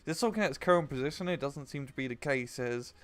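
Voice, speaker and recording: A man's voice: mid-range voice, fast talker. A man casting a strategy game replay with a co-host, chatty and upbeat as he breaks down the match. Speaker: game caster.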